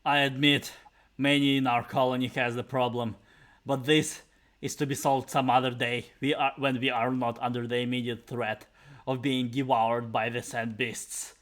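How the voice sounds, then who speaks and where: A man voicing a solemn male dwarf elder of a mining colony, speaking in a formal, measured way. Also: medium pitch, flat delivery, a bit bright, close to an everyday voice.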